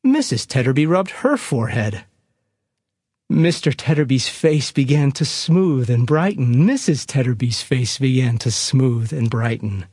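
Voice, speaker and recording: A man preaching, retelling a story slowly and expressively. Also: medium pitch, lively intonation, a little mellow, husky, no echo, studio quality. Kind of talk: storytelling sermon.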